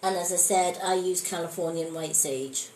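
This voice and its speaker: A woman's voice: lowish voice, normal speed, darkish tone, echoey room, slight background noise, rough recording. A woman demonstrating on a live stream, speaking earnestly with many fillers. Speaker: spiritualist hosting a live stream. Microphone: phone.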